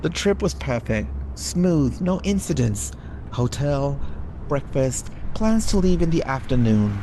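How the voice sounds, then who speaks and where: A man co-hosting a horror podcast, chatting casually and reading a listener story aloud with theatrical pauses and jokey asides. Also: on the high side, very animated, noisy background. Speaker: podcast co-host.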